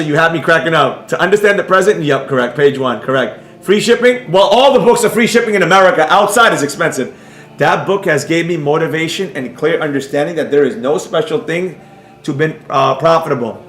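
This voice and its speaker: Brash, jokey male trading instructor on a live stream; high voice, echoey room. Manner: brash, loud, sarcastic, jokey.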